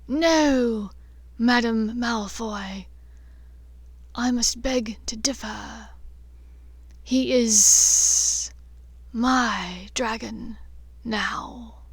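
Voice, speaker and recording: A cold, menacing dark lord who stretches his words out slowly, voiced by a woman narrator. The delivery is icy and deliberate, with a dry, close sound. He speaks like a storybook villain savouring his threat. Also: on the high side, husky, no room sound, exaggerated voice. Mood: icy menace.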